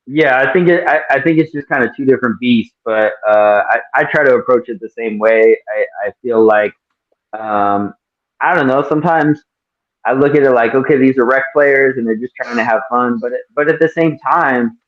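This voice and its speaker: A man's voice: mid-range voice, moderate pace, dull audio. A man co-hosting a podcast about officiating, talking things through casually with frequent restarts. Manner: thoughtful, many restarts and fillers. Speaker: podcast co-host, flag football official.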